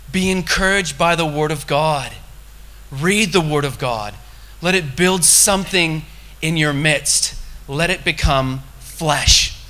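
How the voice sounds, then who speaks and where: Bright-voiced, impassioned man preaching. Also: fairly high pitch. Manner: impassioned, conversational preaching with sudden loud bursts. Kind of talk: sermon.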